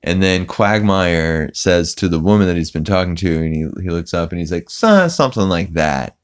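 A man with a very low, smooth, resonant voice hosts a casual podcast recap. He rambles along and fills his story with ums and restarts as he quotes scenes. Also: expressive, normal speed. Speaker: podcast host.

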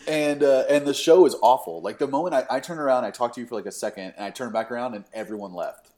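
A man's voice: mid-range voice, fast talker. A young man telling a story in casual chat, acting out what people said, swearing freely and laughing often. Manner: animated storytelling, acts out quotes, frequent swearing and laughter.

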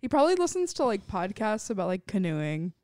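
A woman hosting a casual podcast, joking and tossing out quick asides. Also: mid-range voice, very animated, darkish tone, no room sound, clean studio sound.

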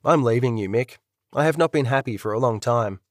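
A man's voice: mid-range voice, brisk, no room sound, studio quality, lightly acted. A man voicing a young wife who speaks bluntly and coldly, in an audiobook. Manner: blunt, matter-of-fact.

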